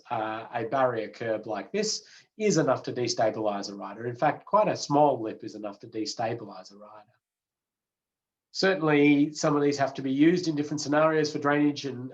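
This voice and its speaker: A man teaching a road safety course online, in a relaxed, chatty way with many fillers and restarts. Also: mid-range voice, highs cut off.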